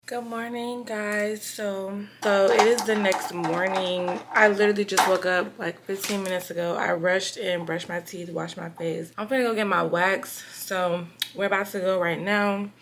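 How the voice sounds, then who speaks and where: A woman's voice: medium pitch, level tone, moderate pace, few pauses, background noise. A young woman, chatting casually to her vlog viewers in a tired, rambling way. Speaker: vlogger.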